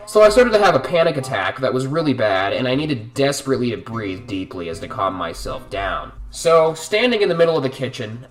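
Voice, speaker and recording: A man's voice: medium pitch, a bit bright, distant mic. A young man narrating a storytime vlog in a profane, exasperated, dramatic way. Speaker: vlogger telling a story.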